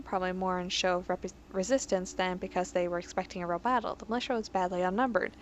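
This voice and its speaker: Woman, let's play host, reads game entries aloud, stumbles over words, joking asides, mid pitch. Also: slight background noise. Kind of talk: casual gameplay commentary.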